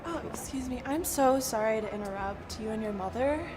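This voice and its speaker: Brief: sketch actress, high and bright, effusive and apologetic, music bed. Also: female voice, animated, moderate pace. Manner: gushing, overly polite. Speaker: sketch actor. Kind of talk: comedy sketch acting.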